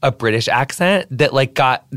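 A man's voice: mid-range voice, animated, moderate pace, a bit bright. A man hosting a podcast interview, gushing and campy, with lots of "like" in his casual chat. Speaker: podcast host.

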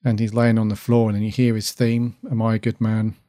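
A man's voice: on the low side, little pitch movement, fairly quick, dark tone, no room sound. A man co-hosting a casual podcast review, talking earnestly and at length about what moved him. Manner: earnest, emotional, rambling. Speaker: podcast co-host.

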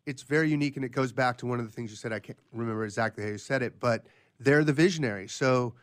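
A man's voice: medium pitch, quick pace. A man co-hosting a business podcast, summarizing the guest's points in a casual way. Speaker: podcast co-host.

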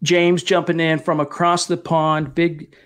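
A man hosts a casual live-stream podcast, his voice sitting a little high for a man. He talks with steady energy as he reads out viewer comments and thanks donors one by one. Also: a little slow. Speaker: podcast host.

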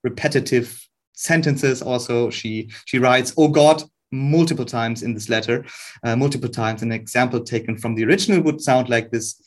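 A man's voice: medium pitch, normal speed. A man, a guest researcher, explaining a historical letter in an earnest, careful way, with frequent restarts.

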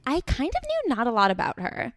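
A woman's voice: high-pitched, huge pitch swings, a little fast, noisy background. A young woman co-hosting a podcast, casual and playful with self-deprecating quips. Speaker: podcast co-host. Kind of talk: casual chat.

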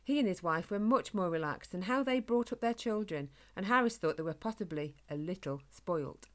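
A woman narrating a children's animal story in a gentle, measured way. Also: fairly low pitch, lively intonation.

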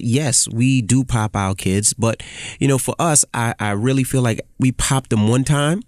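A man in casual podcast chat who tells stories emphatically and acts out what people said. His voice sits at a middle pitch for a man. The recording is close and dry. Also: a little slow, a little mellow, dry recording. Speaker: podcast co-host. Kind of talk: casual chat about parenting.

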